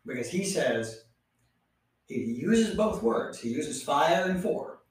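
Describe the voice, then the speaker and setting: A man, co-hosting a casual podcast with dry, deadpan quips. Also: a little high, slow. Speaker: podcast co-host. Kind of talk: casual chat. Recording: very echoey, far from mic.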